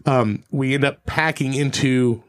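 A man's voice: mid-range voice, measured pace. A man co-hosting a casual podcast, telling a rowdy story with swearing and acted-out quotes. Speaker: podcast co-host.

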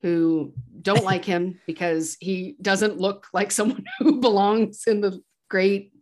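With a steady, darkish, mid-range voice, a woman takes her time recounting a film's plot as a podcast co-host. She chats casually, quotes lines from the characters, and laughs every so often.

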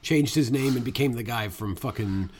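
A young man co-hosting a casual film discussion podcast, chatty and quick to laugh. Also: mid-range voice, a little mellow, slight background noise. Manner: chatty, laughs often, slips into mock accents. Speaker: podcast co-host.

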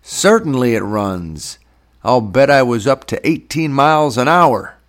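A man's voice: medium pitch, very animated, drawn-out words, pitched above the performer's own voice. A man voicing a proud young man bragging eagerly about his first car, in an audiobook reading. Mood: boastful. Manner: boastful, eager. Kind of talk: audiobook character voice.

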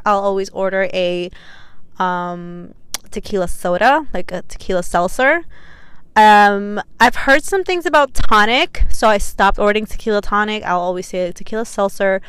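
A woman's voice: medium pitch, fairly bright tone, smooth, no echo. A young woman in her twenties hosting her own podcast, chatting casually and bubbly with lots of fillers. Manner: chatty and bubbly, many fillers, laughs often. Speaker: podcast host. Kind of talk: casual solo podcast chat.

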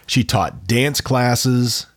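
A man's voice: medium pitch, drawn-out words, no echo, clean studio sound. A man co-hosting a podcast, casually telling a true-crime story with jokey asides. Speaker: podcast co-host.

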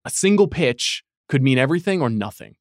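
A man's voice: medium pitch, big pitch swings, a little fast, dry recording, clean studio sound. A man on a sports podcast panel, arguing an outlandish take with mock seriousness in casual debate.

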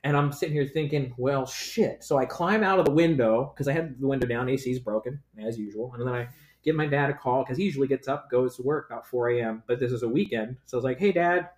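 A man's voice: medium pitch, fast, echoey room. Swearing young man telling a story. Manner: rambling storyteller with frequent swearing and fillers. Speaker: podcast co-host. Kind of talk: casual chat.

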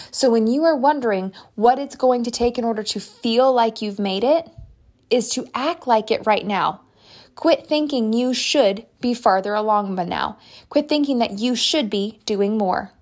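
Earnest motivational woman, slightly high voice. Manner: earnest, encouraging, direct address. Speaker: motivational speaker. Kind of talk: motivational talk.

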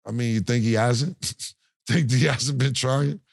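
A man's voice: mid-range voice, measured pace, vocal fry, dry recording, studio quality. A man co-hosting a podcast in casual chat, telling stories with animation, often laughing and acting out what others said. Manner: animated storytelling, acts out quotes and laughs often. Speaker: podcast co-host.

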